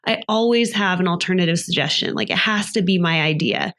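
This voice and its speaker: A woman's voice: medium pitch, steady tone, brisk, hardly any pauses, fairly bright tone. Woman co-host in casual chat. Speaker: podcast co-host.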